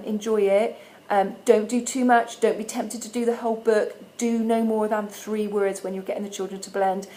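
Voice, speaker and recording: A woman, a primary school teacher giving parents a friendly instructional video, patiently sounding out letters slowly and clearly. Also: medium pitch, mellow, a little hiss or hum, poor audio.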